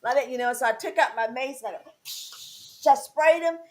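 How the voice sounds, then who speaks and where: A woman hosting a casual chat, telling a story with lively acted-out dialogue. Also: sits high, normal speed. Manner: animated storyteller, acts out dialogue. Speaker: host.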